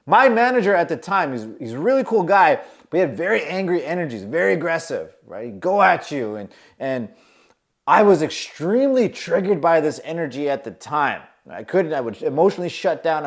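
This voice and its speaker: Man with a high-ish voice telling a story. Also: fairly quick. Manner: acts out his own anxious inner monologue; lively, shifts from tense mutters to emphatic bursts. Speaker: confidence coach. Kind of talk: personal storytelling to camera.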